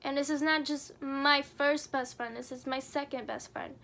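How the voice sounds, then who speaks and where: A woman's voice: high voice, steady tone, moderate pace, bright, forceful tone. A young adult woman vlogger telling a personal story in an earnest, somber way, full of casual fillers. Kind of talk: storytime narration.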